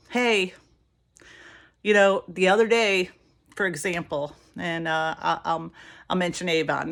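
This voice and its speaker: A woman's voice: lowish voice, a bit bright. A middle-aged woman chatting casually as she does her makeup, giving advice to her sales team and telling a story with voices for the people in it. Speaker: direct sales team leader. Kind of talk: casual vlog advice while doing makeup.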